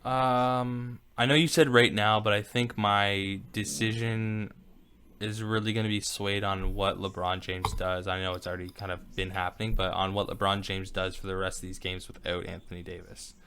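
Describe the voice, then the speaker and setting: Young man, low-ish voice, casual animated sports talk, podcast co-host. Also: moderate pace, slight background noise. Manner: animated, laughing, slangy.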